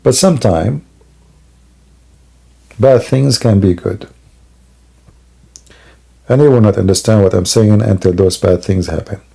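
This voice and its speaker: A man's voice: on the low side, a little slow, creaky, pauses often, mellow, breathy edge. A sleepy man talking to his live-stream audience at home at night, rambling, with broken grammar and many fillers. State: sleepy and yawning. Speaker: Christian apologist streamer. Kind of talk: casual live-stream monologue.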